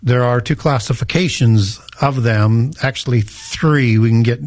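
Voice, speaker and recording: Explaining ancient myths, an interviewed author and researcher corrects his host and restarts often as he lectures. The mid-range voice has a darkish tone and a measured pace, recorded without room sound.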